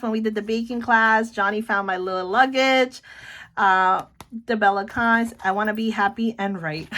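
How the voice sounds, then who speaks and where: A middle-aged woman chatting casually about her planner, excitable, often breaking off to say look. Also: on the high side. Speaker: planner vlogger. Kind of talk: casual show-and-tell chat.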